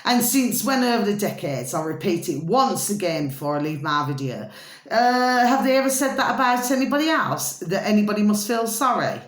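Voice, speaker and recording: A woman's voice: mid-range voice, sing-song, moderate pace. A woman vlogging in casual commentary, emphatic and constantly asking her viewers whether they see her point. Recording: roomy echo.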